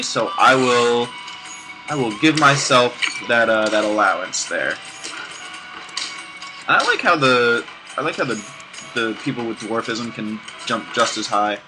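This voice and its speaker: A man's voice: mid-range voice, low-quality recording. A man casually commenting on a video game he plays, rambling off-topic with restarts and sarcastic asides. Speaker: let's play gamer. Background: game music.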